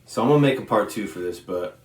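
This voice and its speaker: A man casually telling a long personal story, rambling and halting with frequent restarts and fillers. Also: on the low side, animated, a little mellow. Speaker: vlogger. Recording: echoey room with faint ambient noise.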